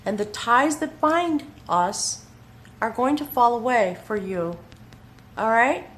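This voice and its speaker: A woman giving an emotional, earnest spiritual tarot reading, talking straight to the viewer and often checking in with a soft "okay?". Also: a little high, animated, slow. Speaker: tarot reader.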